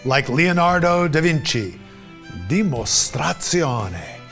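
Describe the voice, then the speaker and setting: A man narrating a scripted lesson in a measured, deliberate way. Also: a little high, expressive, soft background music. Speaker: course instructor.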